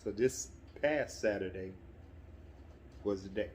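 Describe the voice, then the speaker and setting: A middle-aged man telling a personal story in a relaxed, conversational way, sometimes getting animated. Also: fairly low pitch, slow, a little hiss or hum. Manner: relaxed, conversational, breaks into animated quoted voices. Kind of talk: casual spoken anecdote.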